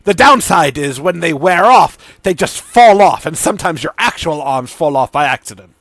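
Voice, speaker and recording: A man's voice: fairly high pitch, lively intonation, moderate pace, fairly bright tone, dry recording, pitched above the performer's own voice. A man voicing an eccentric, pompous male merchant alchemist who speaks with grand flourishes. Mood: theatrical.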